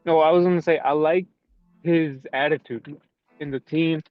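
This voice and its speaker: A man co-hosting a casual football podcast, feeling his way through his points with pauses and fillers. The sound is slightly dull and dry. Faint music plays behind him. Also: fairly high pitch, steady tone, no echo. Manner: hesitant, trailing off with fillers. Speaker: podcast co-host.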